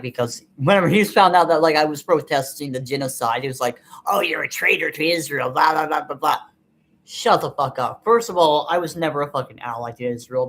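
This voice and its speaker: A vlogger in an unscripted personal monologue, venting in a frustrated, bitter way and swearing a lot, rambling with many fillers. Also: mid-range voice.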